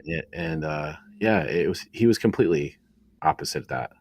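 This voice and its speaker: A man's voice: a bass voice, normal speed. A man co-hosting a casual faith podcast, talking in a rambling way with many fillers and restarts. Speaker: podcast co-host.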